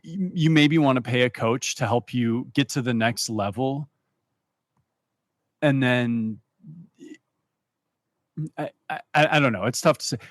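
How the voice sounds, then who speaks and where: A man's voice: medium pitch, no room sound. A man talking casually on a podcast as a poker player and coach, often stumbling and repeating words as he thinks. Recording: dry close sound.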